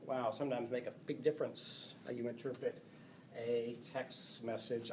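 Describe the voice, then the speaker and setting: A man teaching a class, lively and playful, reading example sentences aloud. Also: mid-range voice, normal speed, slight background noise. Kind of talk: classroom lecture. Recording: echoey classroom from a distance.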